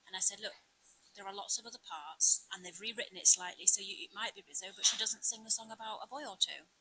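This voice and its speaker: A woman's voice: medium pitch, fast talker, pushed and bright, slight background noise, poor audio. A woman co-hosting a podcast, chatting casually in a cafe with wry, dry humour. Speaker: podcast co-host. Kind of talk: casual chat.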